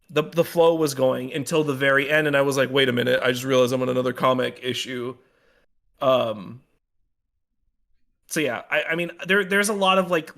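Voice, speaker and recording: Guy with a high voice going off on a podcast, swearing, speeds up and slows down a lot. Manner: heated ranting, swears, swings in loudness and speed. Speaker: podcast co-host. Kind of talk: casual comic review chat.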